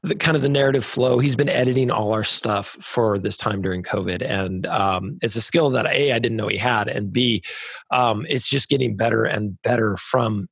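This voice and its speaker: A man's voice: fairly low pitch, moderate pace, gravelly, a bit bright, breathy edge, no echo. A man, a pastor, hosting a casual church podcast chat, joking and rambling with self-deprecating asides.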